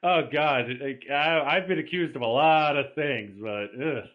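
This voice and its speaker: A man guesting on a podcast, telling bawdy stories in a casual, animated way and shouting the punchlines. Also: on the high side, unhurried, highs cut off. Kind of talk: casual crude podcast chat.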